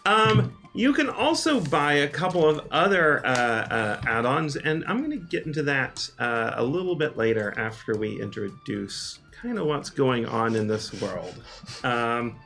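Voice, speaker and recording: A man as game master, explaining the rules in a relaxed way with lots of ums and uhs. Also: medium pitch, unhurried, vocal fry, soft background music. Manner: relaxed, full of um and uh.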